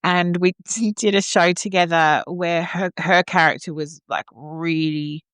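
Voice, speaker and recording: Low-voiced Australian woman, chatty. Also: steady tone, unhurried, a bit bright, clear, resonant tone, no room sound, studio quality. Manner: chatty, rambling with restarts, teasing. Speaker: podcast co-host. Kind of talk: casual chat.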